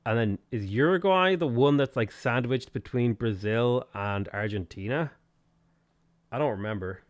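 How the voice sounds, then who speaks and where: An Irish man talks loosely through a game stream, picking up viewer messages and answering each one as he plays. His voice sits at an ordinary middle pitch, and he talks in a relaxed, rambling way. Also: moderate pace. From Ireland. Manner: chatty, reads viewer messages aloud and answers them. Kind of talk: casual gaming stream chat.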